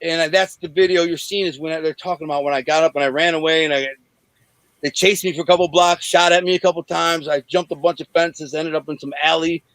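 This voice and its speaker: Blunt man telling a rough story. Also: fairly high pitch, fairly even intonation, brisk, a bit bright, no echo, poor audio. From Detroit. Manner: rough, blunt, rambling with frequent restarts. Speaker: interview guest. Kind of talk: candid storytelling in an interview.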